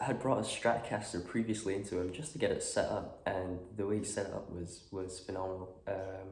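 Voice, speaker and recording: A guitar vlogger with a cold chats casually, his voice low and gravelly as he keeps clearing his throat. His delivery is relaxed but halting and packed with fillers, recorded in an echoey room with faint noise.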